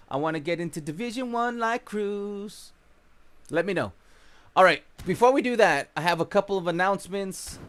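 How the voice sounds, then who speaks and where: Lively, high-voiced male stream host. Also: moderate pace. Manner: chatty, greets viewers by name, swears casually. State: just woke up, voice a bit rough. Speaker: gaming livestream host. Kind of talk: casual livestream chat.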